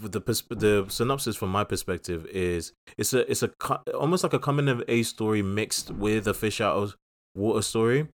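In a fairly low voice at normal speed, a man co-hosts a laid-back film podcast. He rambles and jokes, restarting his thoughts many times.

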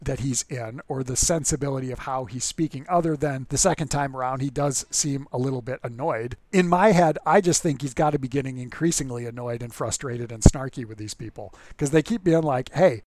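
A man's voice: mid-range voice, brisk, hardly any pauses, darkish tone, slight background noise. A man preaching as a pastor in a casual, conversational way, often restarting words and acting out the people in the story. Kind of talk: conversational sermon.

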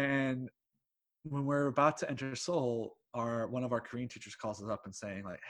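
A man who teaches English telling a personal story in a rambling, excitable way, swearing freely and laughing mid-sentence. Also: mid-range voice, normal speed. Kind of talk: casual anecdote telling.

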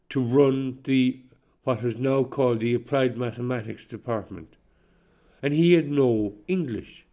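A man's voice: mid-range voice, darkish tone. A man with a slight chesty cough, speaking on a podcast in an aggrieved, insistent way. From Ireland. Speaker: podcast guest. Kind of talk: monologue on a podcast.

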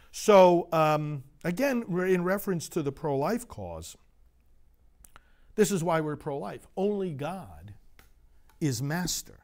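A man's voice: medium pitch, a little mellow. A man, a priest, preaching an impassioned sermon that builds to emphatic outbursts.

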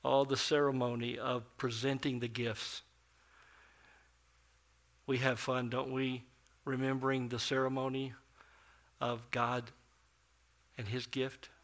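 A middle-aged man preaches a sermon in a bright, clear voice at an ordinary pitch. He tells his stories with swings between loud and soft. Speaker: pastor.

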